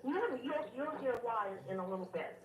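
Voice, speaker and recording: A woman calling in to a radio show, telling a long story in a rambling, animated way with many fillers. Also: a little high, a little fast, echoey room, distant mic, poor audio. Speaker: caller. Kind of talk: phone-in storytelling.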